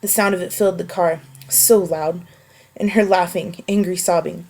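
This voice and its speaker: A woman making a casual voice post, answering questions wryly and reading a book passage slowly and evenly. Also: lowish voice, fairly even intonation, darkish tone. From United States. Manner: offhand and wry, reads prose slowly and evenly. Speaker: vlogger answering a question meme.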